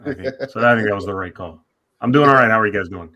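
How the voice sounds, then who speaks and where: A man co-hosting a sports podcast, joking casually and reading an ad briskly. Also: fairly low pitch, pushed and bright. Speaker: podcast co-host. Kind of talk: casual chat and read-out ad.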